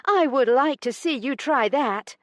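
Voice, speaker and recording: A fiery young noblewoman, voiced by a woman narrator, who fires back with sharp indignant retorts. Her voice sits higher and louder than the narration around it, with lively swings in pitch. The reading sounds close and dry, like an audiobook recorded in a booth. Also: a little slow, no room sound. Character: fiery young noblewoman, defiant and quick-tempered.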